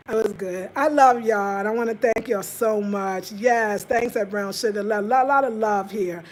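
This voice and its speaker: A woman's voice: medium pitch, moderate pace, few pauses, faint music behind. A woman chatting casually on a live stream, talking straight to her viewers and answering their comments. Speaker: vlogger reading live chat.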